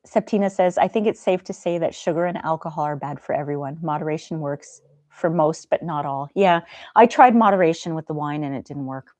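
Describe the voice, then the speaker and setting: A woman hosting a livestream in a gentle, chatty way, reading viewer comments aloud. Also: low-pitched, fairly quick, dry recording. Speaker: livestream host. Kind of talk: casual chat.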